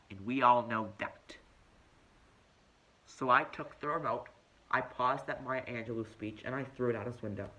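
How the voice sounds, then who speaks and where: A man's voice: lowish voice, slight background noise, exaggerated voice, poor audio. A man playing a self-righteous, preachy young woman who tells her story in a pompous, lecturing comedic monologue. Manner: pompous, lecturing, deadpan self-important delivery.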